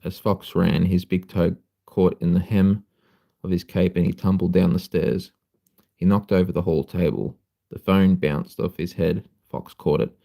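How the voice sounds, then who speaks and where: A man reading a children's story aloud on a live stream in a sleepy, unhurried way. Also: low voice, fairly even intonation, vocal fry, warm tone. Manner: sleepy, unhurried, apologizes for slips and coughs.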